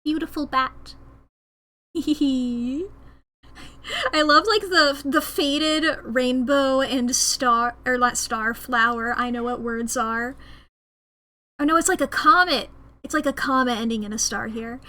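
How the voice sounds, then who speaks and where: A woman's voice: high voice, slow pace, pushed and bright. A woman streaming a story game, chatting casually with self-mocking asides between reading lines. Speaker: streamer playing a visual novel.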